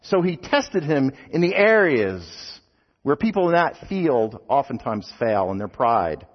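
A man's voice: medium pitch, sing-song, unhurried. A man preaching a sermon, telling stories with rhetorical questions and light asides, in a dull recording with a long hall echo.

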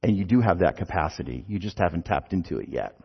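A man's voice: low-pitched, lively intonation, quick pace, gravelly, slightly rough. A man preaching a sermon, telling stories with rhetorical questions and light asides, in a dull recording with a long hall echo.

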